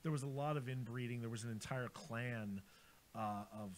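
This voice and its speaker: An American man chatting casually as a co-host, rambling and quick to laugh. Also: medium pitch. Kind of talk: casual radio chat.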